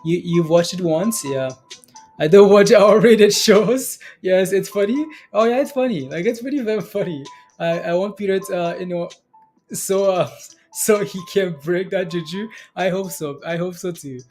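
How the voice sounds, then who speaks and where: A man's voice: sits high, a little slow, darkish tone, faint music behind. A young man hosting a stock trading livestream, rambling casually and laughing often as he reads viewer comments.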